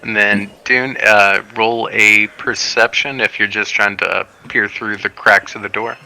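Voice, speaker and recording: A man running a tabletop game as game master, speaking slowly with hesitant fillers. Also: lowish voice, steady tone, gravelly, sharp tone, poor audio.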